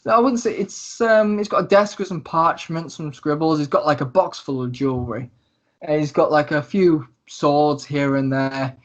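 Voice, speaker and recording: A man narrating a tabletop game as game master, describing scenes with many pauses and fillers. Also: on the high side, highs cut off.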